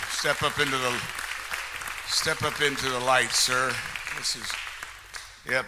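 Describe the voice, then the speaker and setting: A man working the room as a meeting emcee, loose and playful, with a very bright, sharp-edged voice. It sounds as if it's carried through a microphone into a large hall, ringing with a long reverb over faint background hiss. His talk stays casual and full of quips. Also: medium pitch. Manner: joking, loose and chatty with the crowd. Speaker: chamber of commerce meeting emcee. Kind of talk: emceeing a live business meeting.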